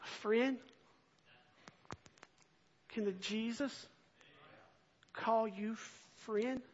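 A man preaching a sermon, moving from quiet scripture reading to earnest, impassioned appeals. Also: high-pitched, steady tone, very slow. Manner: earnest, swells from soft reading to impassioned near-shouting. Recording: dull lo-fi recording.

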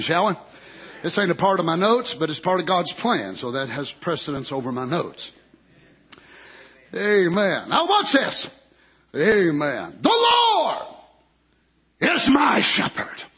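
Fervent high-voiced preacher. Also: male voice, husky, dull audio. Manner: fervent preaching that swings from soft, drawn-out lines to shouting. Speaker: pastor. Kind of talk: sermon.

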